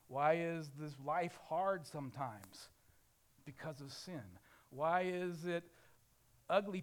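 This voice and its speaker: Pastor, male, Ozarks accent, fairly high voice, lively sermon delivery that swings from loud to quiet, lots of rhetorical questions. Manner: dynamic preaching, swings from loud to hushed; asks rhetorical questions, acts out a crying baby.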